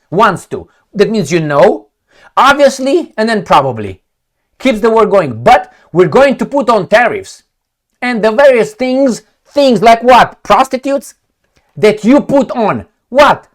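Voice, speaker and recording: Give me an angry, sarcastic man ranting through the news with a lively, swinging pitch. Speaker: political commentator. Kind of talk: ranting video commentary, reading news aloud.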